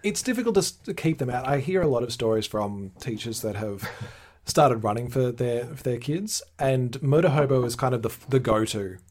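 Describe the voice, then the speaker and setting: Brief: male podcast host, husky and easygoing, chatting with a guest. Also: medium pitch, expressive, moderate pace, darkish tone. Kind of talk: casual interview chat.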